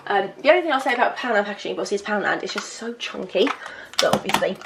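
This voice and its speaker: A young woman, chatting excitedly through her makeup collection with lots of fillers and asides. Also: mid-range voice, quick pace, a little hiss or hum. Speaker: beauty vlogger. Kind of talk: casual makeup collection vlog.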